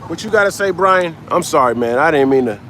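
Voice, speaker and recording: A man's voice: on the high side, animated, fairly quick, pushed and bright, a little hiss or hum. A man preaching on a livestream in blunt, slangy street talk, answering his chat and ending his lines with "man". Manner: blunt, slangy, repeats "man" at line ends.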